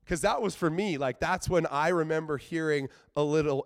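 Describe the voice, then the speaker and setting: A man from British Columbia preaching a sermon in an earnest, conversational way. He says "like" often and swings between quiet asides and emphatic outbursts. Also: on the high side, normal speed, dry recording, studio quality. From British Columbia, Canada. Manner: earnest, conversational, with frequent filler "like".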